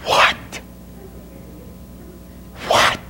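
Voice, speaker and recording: A man preaching a sermon in an animated, mocking way, swinging from muttered asides to shouts. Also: extremely slow.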